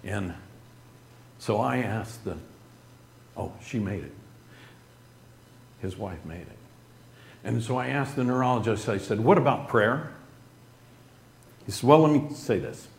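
A man telling a group an emotional personal story in an earnest, halting way, with restarts and some throat-clearing. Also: fairly low pitch, roomy sound, slight background noise.

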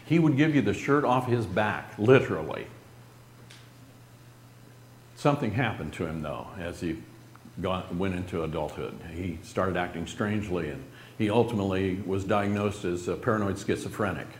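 A middle-aged man telling a personal story earnestly and haltingly, his voice dropping soft at grave moments. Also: sits low. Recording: roomy echo with faint noise.

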